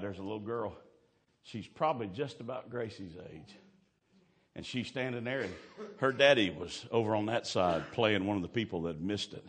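A man preaching a fervent sermon, swinging from hushed asides to shouting. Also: fairly low pitch.

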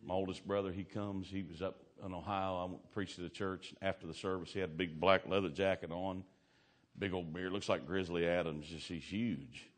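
A man preaches in church, in a very deep, low voice. He tells folksy stories, laughs between lines and drops from loud calls to near hushed talk. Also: steady tone, fairly quick. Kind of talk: sermon with storytelling.

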